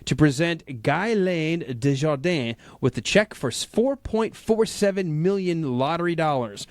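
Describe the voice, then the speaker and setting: A man co-hosts a live radio show, reading strange news stories aloud and trading playful jabs with the host. His voice sits a little high and moves around a great deal. The recording is close and dry. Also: expressive, a little slow, no room sound. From French background. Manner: playful, teasing, laughs a lot. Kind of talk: casual banter, reading news items aloud. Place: radio studio.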